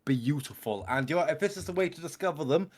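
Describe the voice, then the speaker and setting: A man's voice: fairly high pitch, expressive, fast talker. A man co-hosting a music reaction video, talking in casual, rambling, gushing praise, with lots of "mate" and "bloody".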